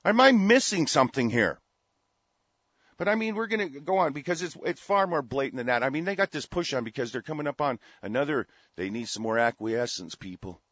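A man hosting a talk radio show, ranting angrily and profanely, swinging from shouting to muttering. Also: mid-range voice, lively intonation, fairly quick, husky, no room sound. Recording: dull, dry lo-fi radio audio.

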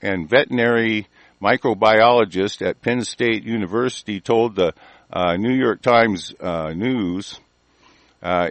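A talk show host rants angrily about conspiracies, swearing constantly and laughing mockingly. His voice is on the low side, measured in pace, with no echo.

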